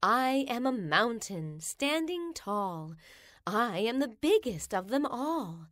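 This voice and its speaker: Woman reading rhymes, slow and lively. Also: fairly high pitch, no room sound, clean studio sound. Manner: slow, sing-song storybook reading. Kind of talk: reading children's rhymes aloud.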